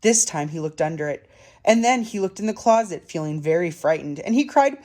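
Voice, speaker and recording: A woman reading a children's picture book aloud for a library storytime, soft and dramatic. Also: fairly low pitch, lively intonation, fairly quick.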